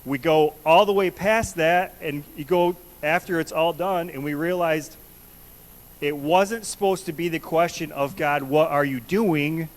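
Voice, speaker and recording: A man with a slightly high voice preaches at a measured pace in a church sanctuary. The sermon has a conversational feel as he earnestly poses the same questions to the congregation again and again, though the recording is rough.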